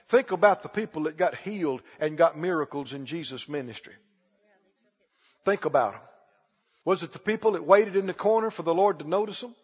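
A man preaching a sermon, emphatic, often shouting and repeating phrases. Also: on the high side, expressive, normal speed, slightly rough, big-room sound, highs cut off.

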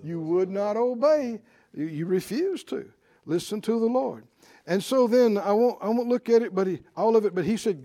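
Guy preaching a sermon, high voice, swoops all over, acts out the bible people. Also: moderate pace. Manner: animated, acts out Bible figures with chuckles.

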